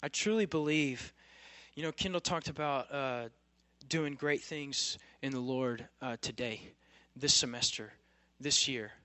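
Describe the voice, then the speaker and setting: A man's voice: medium pitch, a little slow, sharp tone, no room sound. A young man preaching a sermon to a campus group in a casual, emphatic way, full of rhetorical questions.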